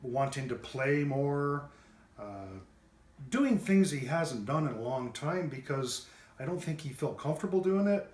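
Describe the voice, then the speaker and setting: Man in an echoey room, halting. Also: on the high side, expressive, darkish tone. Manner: halting, with many fillers and restarts. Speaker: pet owner giving a testimonial. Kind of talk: unscripted testimonial. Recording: roomy echo.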